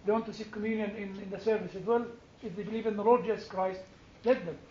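A man with a notably high voice teaches a church class, moving from personal stories to pointed questions for his listeners. The room is echoey and the sound a little muffled, with faint background noise. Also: steady tone, fast. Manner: storytelling, asks the room questions, builds to forceful emphasis. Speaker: Orthodox clergyman teaching a class.

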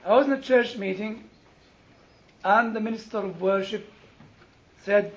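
Man, sermon, very high pitch, humorous storytelling, dull lo-fi recording. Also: unhurried, pauses often. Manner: animated, humorous storytelling with quoted exchanges. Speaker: preacher.

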